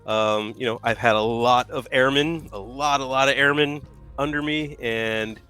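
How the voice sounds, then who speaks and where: Loud, animated man telling stories. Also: medium pitch, normal speed, clear, resonant tone, faint music behind. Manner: animated storyteller, acts out yelling, laughs a lot. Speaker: co-host of a live painting stream. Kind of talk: casual chat, telling stories.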